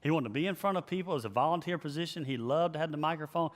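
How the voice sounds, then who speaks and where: A man who is a pastor, giving an emphatic, animated leadership teaching and repeating his key phrases. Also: a little high, very fast. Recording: long hall reverb.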